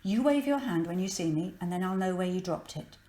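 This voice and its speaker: A woman voicing a kind elderly grandfather who speaks in a soft, hushed whisper to reassure a child. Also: on the low side, animated, brisk, echoey room, natural voice. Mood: gently reassuring.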